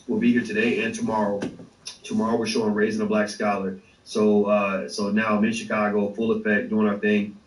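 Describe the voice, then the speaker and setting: A man's voice: on the low side, a little fast, slight background noise. A man hosting a casual livestream, talking animatedly with swearing and lots of fillers. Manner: animated, profane, many fillers and restarts. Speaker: host of an online show. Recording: echoey room, distant mic.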